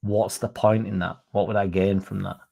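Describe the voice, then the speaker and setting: A man chats on a football fan livestream, reading out viewer comments and answering them. His voice is gravelly with a dark, mellow tone. He rambles, swears freely and keeps things loose and casual. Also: on the low side, level tone, normal speed. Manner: swears freely, rambles, mocks critics in a raised put-on voice. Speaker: fan channel host reading live chat.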